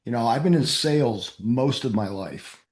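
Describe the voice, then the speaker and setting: A man's voice: mid-range voice, expressive, moderate pace, a little mellow, echoey room. A man from New England with a Boston-area accent, hosting a men's group call in an upbeat, encouraging way. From New England, USA. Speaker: host of a men's mastermind group.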